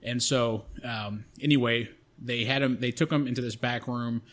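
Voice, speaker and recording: A man co-hosting a podcast, telling a long personal story in a loose, rambling way. He swears freely and often restarts his sentences. His pitch sits in a middle range for a man. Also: fairly even intonation, normal speed, fairly bright tone. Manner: profane, rambling, frequent restarts. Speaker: podcast co-host. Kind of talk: casual storytelling.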